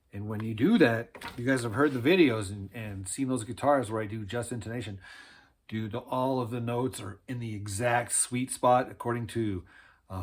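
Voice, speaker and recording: A man's voice: mid-range voice, slightly rough. A man casually explaining how he lays out frets for homemade string instruments, in a laid-back, rambling way with slang like "man" and "dude". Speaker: instrument builder teaching.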